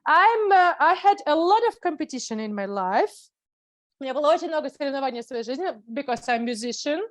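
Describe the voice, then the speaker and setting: High-voiced woman with a Russian accent. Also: expressive. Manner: halting, simple phrasing. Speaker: participant asking a question. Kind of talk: asking a question on a video call, then translating herself. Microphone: video call.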